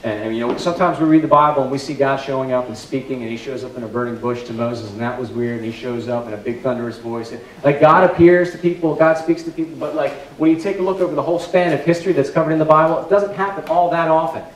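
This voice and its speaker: A man's voice: medium pitch, steady tone, quick pace, hardly any pauses, slight background noise. A man preaching a sermon as a pastor, in a conversational, emphatic and self-deprecating way. It sounds like an echoey church hall heard from a distance.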